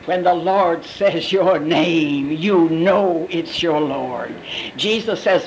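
A Bible teacher explaining scripture in a conversational, expressive sermon style. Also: medium pitch, slow, background noise. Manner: conversational, expressive, acts out quotes. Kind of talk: sermon commentary.

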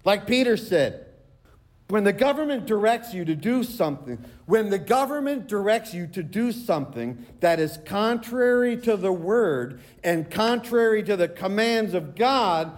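A high-pitched male pastor delivers a sermon. He reads long scripture passages, slowing down to stress key phrases. His voice sits well above most men's. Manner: preaching, quotes scripture at length with slow emphatic phrases.

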